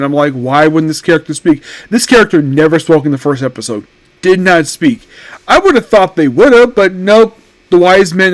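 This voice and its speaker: A man's voice: fairly high pitch, dry recording. A man casually reviewing an anime episode, rambling and often correcting himself mid-sentence. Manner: rambling, self-correcting, animated.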